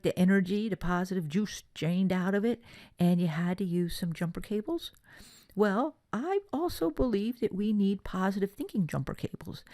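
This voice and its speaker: A woman from California giving a motivational workshop talk, telling personal stories in a chatty, lively way. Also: medium pitch, no echo. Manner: chatty storytelling, lively asides. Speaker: workshop presenter.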